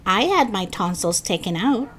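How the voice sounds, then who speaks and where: A woman's voice: medium pitch, big pitch swings, moderate pace, fairly bright tone, husky. A woman reading a storybook aloud and voicing a teasing, complaining third-grade boy in a raised voice. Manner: complaining, wisecracking.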